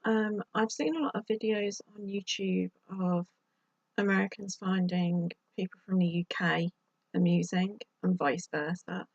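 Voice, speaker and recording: Female vlogger, husky and dry-sounding, slightly muffled home recording. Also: on the low side, steady tone, a little slow, no room sound. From United Kingdom. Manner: chatty, exasperated asides. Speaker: YouTube vlogger. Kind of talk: casual advice to camera.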